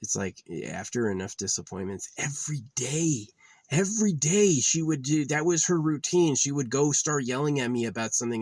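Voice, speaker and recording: A man's voice: mid-range voice, expressive, moderate pace, darkish tone, dry recording. A man delivering a bitter, profane, rambling monologue as a vlogger.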